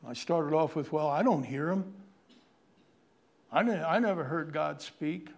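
Pastor, male, high-pitched; passionate sermon, swings from booming to whispered. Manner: swings from loud, drawn-out preaching to hushed near-whisper; earnest, pleading, conversational.

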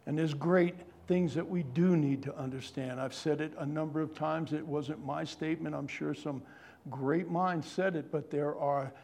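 Pastor, male, high-pitched; passionate sermon, swings from booming to whispered. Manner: swings from loud, drawn-out preaching to hushed near-whisper; earnest, pleading, conversational.

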